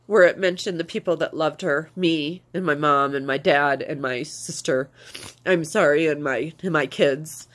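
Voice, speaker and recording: A woman vlogger telling a personal story to camera in a confiding, rambling way, with many fillers, close to tears. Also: lowish voice.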